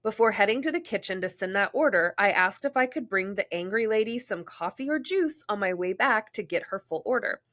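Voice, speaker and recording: Reading a listener's story aloud, a woman podcast host speaks at medium pitch, fairly quickly and with hardly any pauses. She's animated, breaking off between passages for casual jokes and laughter.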